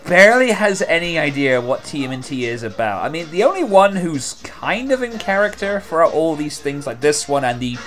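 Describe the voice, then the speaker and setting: A man's voice: a little high, very animated, normal speed, hardly any pauses, a bit bright, faint music behind. A man giving casual, sarcastic commentary over a video, rambling with lots of filler words. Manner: sarcastic and rambling, many "like" and "you know".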